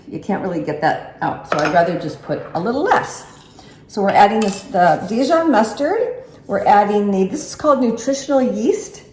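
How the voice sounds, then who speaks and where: A woman's voice: medium pitch, noisy background. Woman, home cooking vlogger, chatty and easygoing, phone-filmed in a roomy kitchen with faint utensil clatter. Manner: chatty, talks to viewers while stirring. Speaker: cooking channel host. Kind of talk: casual cooking vlog. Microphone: handheld phone camera. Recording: echoey kitchen, clattering dishes. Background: utensil and dish clatter.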